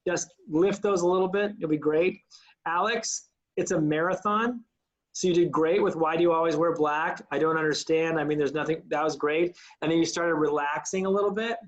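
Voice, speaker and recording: Male acting teacher, slightly high voice, upbeat, coaching tone. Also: highs cut off. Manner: upbeat, coaching, demonstrates lines aloud. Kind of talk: online acting class instruction.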